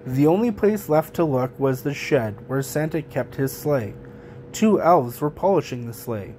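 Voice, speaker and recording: A man reading a children's picture book aloud in a gentle, even storytelling manner. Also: on the high side, a little slow, a little hiss or hum. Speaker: storybook reader.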